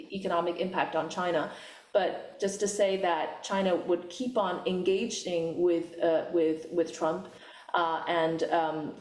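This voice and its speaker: A woman professor answering on a conference panel, speaking in a measured way with many fillers and restarts. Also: fairly low pitch, a little mellow. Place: conference hall. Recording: roomy, distant from the mic.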